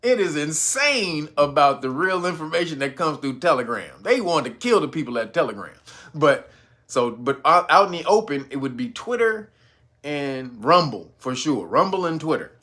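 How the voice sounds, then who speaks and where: A man's voice: very animated, bright, forceful tone. A man hosting his own channel, giving loose, profane commentary and laughing often as he talks. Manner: mocks a stiff, slow talker in a low voice. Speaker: channel host. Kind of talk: casual commentary video.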